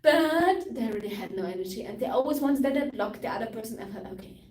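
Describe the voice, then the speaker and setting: A young Austrian woman hosting a casual live stream, her voice pitched a little high. She sounds chatty and upbeat and laughs often. She is heard from a distance in an echoey room. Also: lively intonation, fast, a little mellow, slight background noise. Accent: Austrian German. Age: young adult. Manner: chatty and upbeat, laughs often, switches between English and German. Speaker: fitness trainer and live stream host. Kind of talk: casual live-stream chat answering comments.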